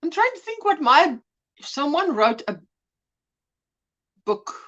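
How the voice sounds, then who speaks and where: Lively high-voiced woman. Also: slow, highs cut off. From South Africa. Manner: chatty, greets viewers and reads comments aloud. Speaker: crochet livestream host. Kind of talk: casual live-stream chat. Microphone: phone.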